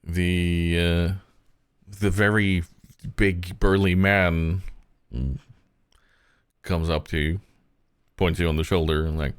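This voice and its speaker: A man narrating a live-streamed tabletop game as its game master, in a relaxed way and often chuckling. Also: deep voice, slow, pauses often, smooth, no echo, studio quality.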